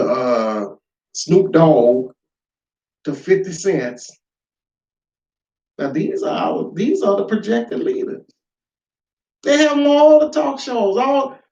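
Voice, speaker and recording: A man giving an informal spoken lesson, emphatic and full of rhetorical questions, swinging between loud and quiet. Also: sits high, distant mic. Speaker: lecturer. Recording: echoey room, dull lo-fi sound.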